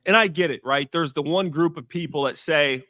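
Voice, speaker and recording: A man's voice: fairly high pitch, moderate pace, sharp tone, no echo, studio quality. A man in his thirties, a former pro football player, talking through a game in casual, emphatic analysis and repeating key points for stress. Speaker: former NFL player, guest. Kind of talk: casual sports analysis chat.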